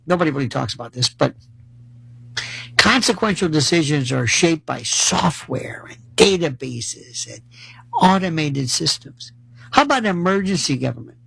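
A man's voice: high-pitched, vocal fry, a bit bright, no room sound, poor audio. A male political commentator delivering a sarcastic monologue and rattling off long lists of issues.

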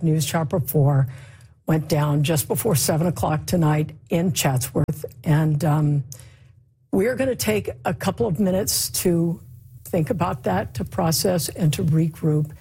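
A woman TV news anchor speaking haltingly, with a husky voice. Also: sits low, mellow, rough recording. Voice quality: husky, gravelly. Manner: halting, hesitant.

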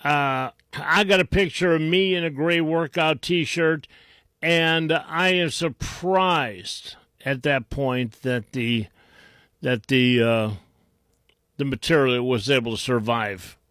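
A male talk radio host in a dead-dry studio, speaking slowly and deliberately. His pitch sits a little high for a man, and his tone is scornful and mocking, full of stops and restarts. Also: a bit bright, dry recording. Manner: mocking, sarcastic, with many restarts. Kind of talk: combative talk radio commentary.

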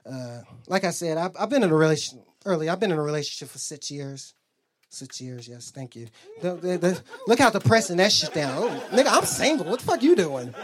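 On a club stage, a man performs stand-up, telling profane stories and acting out the voices of the people in them. His voice is a little high, very animated, and fairly quick, and his storytelling is loose.

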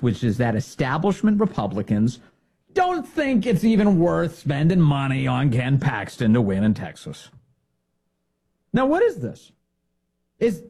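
A man's voice: medium pitch, dark tone, slightly rough. A man giving opinionated political commentary in a sarcastic, indignant way. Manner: sarcastic, indignant, mocking impressions.

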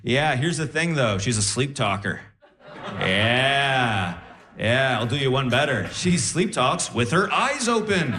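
Young guy doing stand-up, bright voice, big pitch swings, echoey room. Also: slow pace. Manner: animated, with sudden high-pitched exclamations. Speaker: stand-up comedian. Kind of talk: stand-up comedy set. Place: comedy stage.

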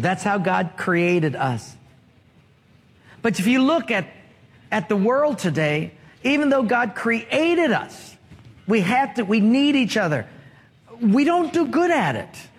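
A man's voice: sits high, sing-song, measured pace. A male pastor preaching a sermon, asking rhetorical questions and drawing call-and-response from the congregation. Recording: long reverb of a large hall.

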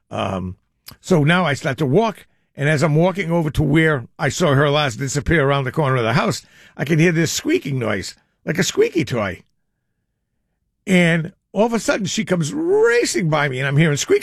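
A man's voice: a little high, sing-song, moderate pace, creaky, no room sound, clean studio sound. An older man hosting a call-in radio show, telling rambling stories with frequent chuckles. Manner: rambling storyteller, chuckles often. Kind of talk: casual radio chat.

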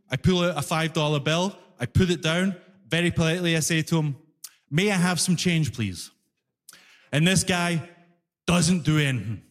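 A man who moved to Toronto as an immigrant, performing a stand-up routine, animated and acting out both sides of his stories. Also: fairly high pitch, long reverb tail. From immigrant living in Toronto. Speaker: stand-up comedian. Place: comedy club stage.

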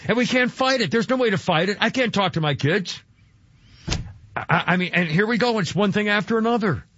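An older man hosting talk radio, rambling in a halting way with many fillers and restarts. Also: high voice, lively intonation, a bit bright, slight background noise. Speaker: radio talk show host. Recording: dry, slightly dull radio studio sound.

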